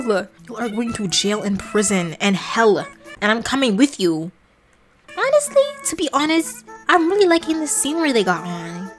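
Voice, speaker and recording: A young woman reacting loudly while playing a game, laughing and shrieking in playful shock. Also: on the high side, big pitch swings, normal speed, faint music behind. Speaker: gaming vlogger.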